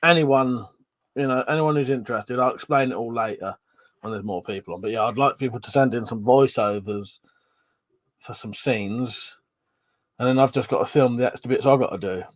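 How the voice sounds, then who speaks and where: Breathless streamer, loose and chatty, average pitch. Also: male voice, moderate pace. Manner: chatty, swearing, reads chat aloud and rambles. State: short of breath, yawning. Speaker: live stream host. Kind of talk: casual chat.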